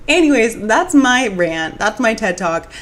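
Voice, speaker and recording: A woman's voice: a little high, fairly bright tone. Chatty rambling young woman streamer. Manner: rambling, restarts, many "like"s, reads chat comments aloud. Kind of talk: casual live-stream chat.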